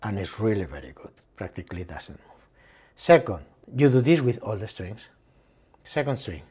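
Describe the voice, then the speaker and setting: A man's voice: on the low side, sing-song, moderate pace, darkish tone, breathy edge. A man walking through a guitar setup step by step, repeating the key measurements as he works. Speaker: guitar tech and channel host. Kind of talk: hands-on setup tutorial.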